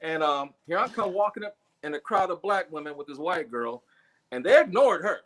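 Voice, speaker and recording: A guest storyteller on a casual livestream chat recounts a funny personal story, acting out the people he quotes with big leaps in his voice. His pitch is fairly high and bright, his intonation lively, his speed normal. He's on a video call microphone.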